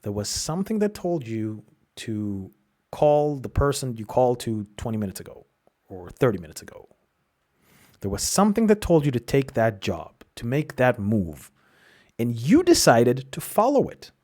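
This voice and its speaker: A man with a husky, slightly breathy voice talks alone on his podcast. His pitch rises and falls a lot as he works through ideas in a reflective, explanatory monologue and sometimes restarts mid-phrase. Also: very animated, normal speed, a little mellow. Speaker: podcast host.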